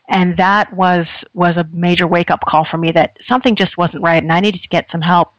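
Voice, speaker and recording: A woman's voice: fairly low pitch, fairly even intonation, a little fast, hardly any pauses, dry recording, lo-fi sound. A middle-aged woman telling how her own life went, earnest and reflective, often restarting her words. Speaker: speaker sharing a personal story. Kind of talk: personal testimony.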